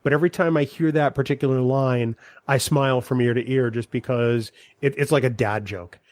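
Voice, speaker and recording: A man's voice: mid-range voice, steady tone, a little mellow, no echo, studio quality. A man co-hosting a podcast, teasing his friends and taking his time with many fillers. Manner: teasing, unhurried, filler-heavy. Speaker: podcast co-host. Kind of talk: casual podcast chat.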